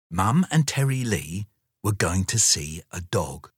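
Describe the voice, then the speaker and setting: A man reading a children's story aloud with lively storytelling. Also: low voice, slow pace, slightly rough, no echo, clean studio sound.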